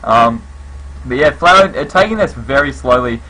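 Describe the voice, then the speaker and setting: A man's voice: medium pitch, expressive, normal speed, bright, forceful tone, rough recording. A man giving casual live play-by-play commentary on a competitive shooter match, with lots of fillers. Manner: casual, filler-heavy, conversational. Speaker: esports commentator.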